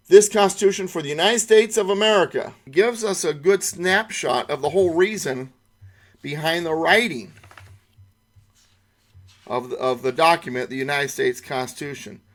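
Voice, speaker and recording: Man, middle-aged, online class instructor, emphatic, repeats words, slightly higher voice. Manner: emphatic, repeats key words, rhetorical questions. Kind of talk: online lesson lecture.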